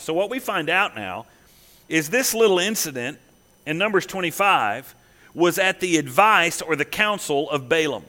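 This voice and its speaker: A man preaching a sermon in a bright, forceful voice that sits a bit high. He moves between reading scripture aloud and retelling it in a casual, conversational way. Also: lively intonation, normal speed. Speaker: pastor.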